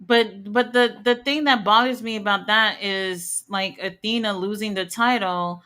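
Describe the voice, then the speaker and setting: A woman's voice: medium pitch, steady tone, measured pace, bright, forceful tone. A woman hosting a live wrestling watch-along, chatting casually, reading out chat messages and giving blunt, opinionated takes with the odd curse word.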